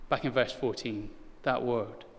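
A man's voice: mid-range voice, fairly even intonation, a little slow. A man in his thirties preaching a sermon, earnest and building to urgent emphasis, with touches of self-deprecating humor. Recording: long hall reverb.

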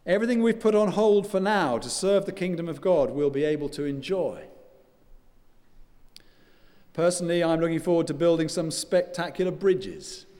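An older male pastor preaching in a mellow, warm voice. His delivery is earnest and measured, with quiet drops at the ends of phrases. Long church-hall reverb trails every line. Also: fairly high pitch. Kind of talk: sermon.

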